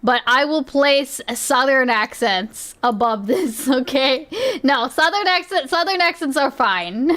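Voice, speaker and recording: A woman's voice: sits high, lively intonation, measured pace, hardly any pauses, sharp tone. A woman streamer giving casual reaction commentary, chatty and often laughing.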